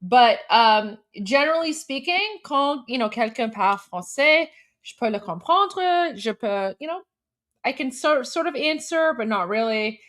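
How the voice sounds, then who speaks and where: A woman hosting a reaction stream, eating while she mockingly comments on a clip and switches between English and halting French. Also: sits high. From Canada. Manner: mocking, scornful and animated. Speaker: host.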